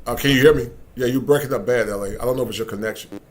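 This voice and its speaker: A man's voice: mid-range voice, very fast. A man hosting a podcast interview, speaking loosely and directly with casual slang. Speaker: host.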